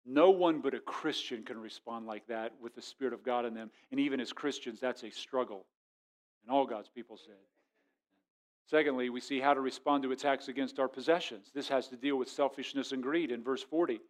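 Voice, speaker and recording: Speaking fairly quickly in a mid-range voice, a middle-aged man delivers a sermon as a pastor. His delivery is conversational and story-driven, with frequent restarts and shifts between soft and loud.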